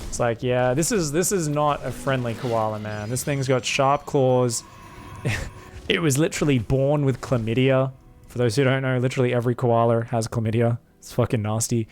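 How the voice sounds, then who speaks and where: A young man casting a live strategy game, excitable and crude, rambling between plays and shouting at the action. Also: mid-range voice, normal speed, a little hiss or hum. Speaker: game caster.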